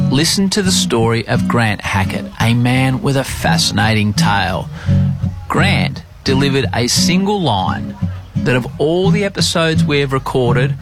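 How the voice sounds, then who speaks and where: A man's voice: medium pitch, creaky. A middle-aged Australian man hosting a podcast, telling self-mocking broadcasting stories in casual chat. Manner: animated, self-mocking storyteller. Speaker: podcast host, sports broadcaster.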